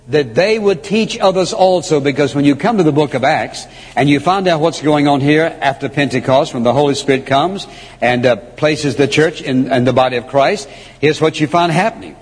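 A man preaching a sermon, emphatic and repeating key phrases, slowing down to read scripture. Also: on the high side, breathy edge. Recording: long hall reverb.

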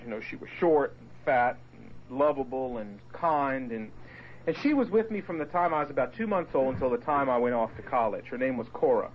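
Animated man telling his testimony. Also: mid-range voice, highs cut off, slight background noise. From Portsmouth, Virginia area. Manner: storytelling with lively voiced quotes and asides. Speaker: speaker giving his testimony. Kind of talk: animated personal testimony to a group.

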